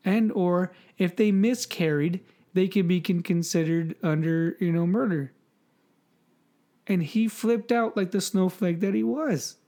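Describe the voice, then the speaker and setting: A man whose warm voice sits high talks a little slowly as a podcast co-host. His casual political chat is rambling and mocking, full of repeated words and swearing.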